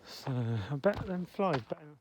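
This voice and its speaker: A man's voice: on the high side, measured pace, vocal fry, background noise. A man chatting in a rambling, self-interrupting way as he walks up a hill, out of breath. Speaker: vlogger. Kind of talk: rambling personal chat. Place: outdoors, walking up a hill.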